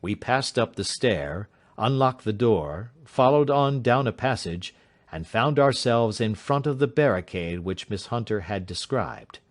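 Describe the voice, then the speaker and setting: A man's voice: on the low side, expressive. Man narrating a classic audiobook. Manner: measured, dramatic reading. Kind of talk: scripted narration.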